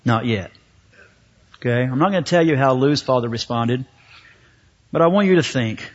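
A man's voice: mid-range voice, expressive. Man preaching a sermon, lo-fi sound. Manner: storytelling with dramatic pauses. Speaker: pastor. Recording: dull lo-fi recording.

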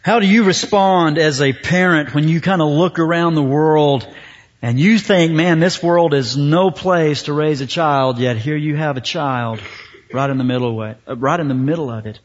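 Pastor, male, higher-pitched voice; sermon delivery with dramatic storytelling pauses; dull, muffled recording.

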